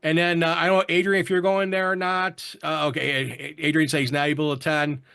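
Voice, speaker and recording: A man's voice: fairly high pitch, level tone, fast, gravelly, a bit bright, clean tone. A man hosting a casual online roundtable, chatting and greeting viewers from the chat. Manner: chatty, reads viewer comments aloud. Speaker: show host.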